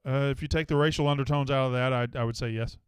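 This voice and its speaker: Smooth-voiced rambling male talk show host. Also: mid-range voice, fairly even intonation, fast talker, no echo, clean studio sound. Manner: rambling, profane, joking. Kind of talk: casual sports talk show.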